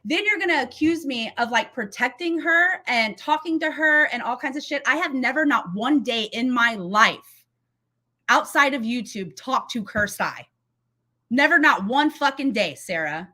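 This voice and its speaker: A woman's voice: high-pitched, normal speed, pushed and bright. A woman hosting a reaction commentary video, heated and blunt, swearing freely as she talks back to a clip. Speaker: commentary YouTuber.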